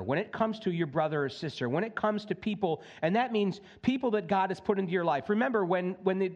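Male pastor with a fairly high voice, preaching casually and acting out the quotes. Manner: conversational, folksy preaching with acted-out quotes. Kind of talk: sermon. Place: church sanctuary.

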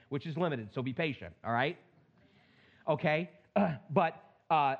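A middle-aged male pastor preaching a sermon in an animated, plain-spoken way with joking asides. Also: on the high side, dull audio.

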